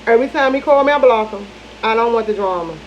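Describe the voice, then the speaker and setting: A woman's voice: fairly high pitch, quick pace. Chatty woman with a dull, lo-fi sound. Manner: animated gossip, repeats lines for emphasis, talks to viewers as "y'all". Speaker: vlogger. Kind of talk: casual storytime chat to viewers. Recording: dull lo-fi audio with faint noise.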